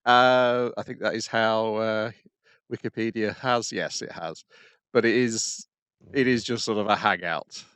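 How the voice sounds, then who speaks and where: A man with a fairly low voice hosts a casual podcast chat. He speaks hesitantly, with many pauses and fillers, in a close, dry sound. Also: fairly even intonation, a bit bright, smooth, dry recording. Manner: hesitant, full of ums. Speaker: podcast host. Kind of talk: casual chat about anime.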